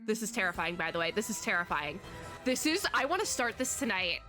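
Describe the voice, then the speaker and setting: A young woman streamer giving casual, excitable reaction commentary, gushing with quick asides. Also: mid-range voice, faint music behind. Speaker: VTuber streamer.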